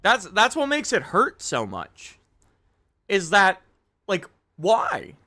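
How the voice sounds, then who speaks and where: A man's voice: high-pitched, wildly swooping pitch, slow, bright, forceful tone. A young man chatting casually on a live game stream, rambling, self-critical and swearing often.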